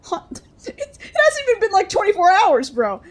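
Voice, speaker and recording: A stubborn young heroine who talks in heated exclamations, as a woman reads her aloud in a game playthrough. Her voice is a touch high and quick to rise. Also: sing-song.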